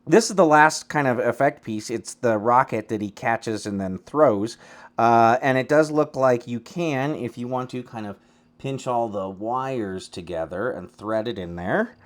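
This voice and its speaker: A man's voice: mid-range voice, lively intonation, unhurried. A man hosting a casual toy unboxing review, rambling and joking with frequent restarts. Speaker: toy reviewer, channel host.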